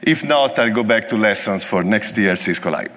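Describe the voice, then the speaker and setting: A man's voice: on the low side, expressive, normal speed, fairly bright tone, in a large hall. A man with an Italian accent giving a joking, conversational technical talk at a conference. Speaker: conference presenter. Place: large conference hall.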